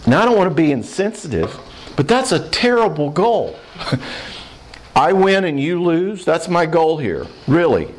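A man giving a humorous marriage seminar talk, animated and often checking in with "all right?". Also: fairly high pitch, measured pace, a little hiss or hum.

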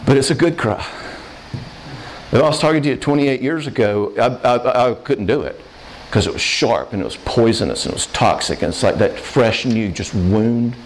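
A man's voice: medium pitch, moderate pace. A man speaking in a mid-range voice with an earnest, conversational manner, like a sermon that drifts into casual asides. He talks with feeling and keeps checking in with his listeners. A faint hiss of background noise sits under the recording. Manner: earnest, conversational, emotional at times. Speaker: Christian speaker on marriage and forgiveness. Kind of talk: sermon-style talk.

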